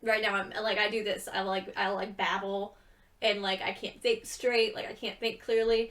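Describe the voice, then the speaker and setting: A woman's voice: medium pitch, level tone, moderate pace, a bit bright, recorded from a distance. A young woman chatting casually and rambling with giggles, tired from too little sleep. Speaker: gaming video creator. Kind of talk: casual chat over gameplay.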